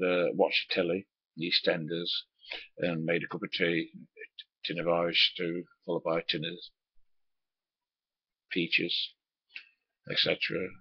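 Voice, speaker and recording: A man's voice: low voice, breathy edge, dry recording. A man, a former truck driver, tells a rambling anecdote, swearing casually and filling it with uhs and asides. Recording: dull lo-fi recording.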